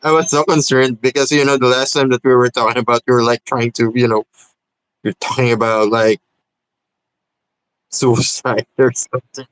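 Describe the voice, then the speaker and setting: A man co-hosting a casual podcast chat, asking his friend halting, teasing questions. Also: mid-range voice, steady tone, clear, resonant tone, no room sound, rough recording. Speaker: podcast co-host.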